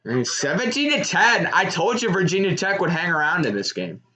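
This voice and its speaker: A young man giving live reaction commentary on a college football game, excitable and shouting at big plays. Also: sits high, a little fast. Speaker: sports streamer.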